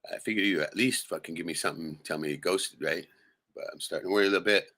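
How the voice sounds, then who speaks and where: A man's voice: low voice, quick pace, bright, forceful tone. A man hosting a livestream, venting in a profane, rambling, heated way and tossing in "right?" constantly. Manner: peppers speech with "right?". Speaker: livestream host. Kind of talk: casual livestream rant.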